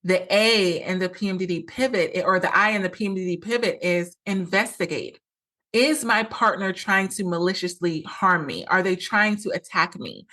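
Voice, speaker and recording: A woman's voice: fairly low pitch, normal speed, pushed and bright. A woman hosting a solo podcast, talking earnestly as a coach and acting out quoted lines with a lot of repetition.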